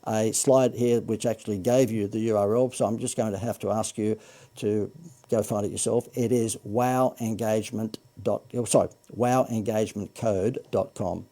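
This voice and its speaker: An Australian man hosting a marketing livestream, making a chatty sales pitch with joking asides and frequent self-corrections. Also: steady tone, moderate pace, dark tone. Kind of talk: Facebook Live sales pitch.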